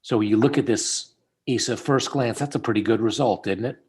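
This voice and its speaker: A middle-aged dentist with a mid-range, slightly breathy voice speaks at normal speed over a video call, walking a student through cases in casual teaching chat. He tells stories along the way and becomes animated when quoting people.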